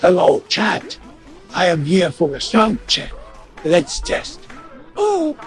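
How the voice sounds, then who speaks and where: A man with a high voice that swings in pitch runs a sound check for his chat. He teases his viewers slowly over light music. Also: huge pitch swings. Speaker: streamer. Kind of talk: casual stream sound check.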